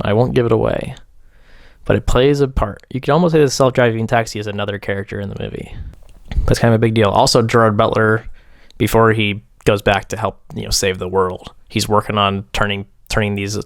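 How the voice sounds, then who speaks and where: A man's voice: fairly low pitch, creaky, smooth, no echo, studio quality. A young man casually reviewing films as host, rambling with fillers in a wry, dismissive way. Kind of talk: casual film review chat.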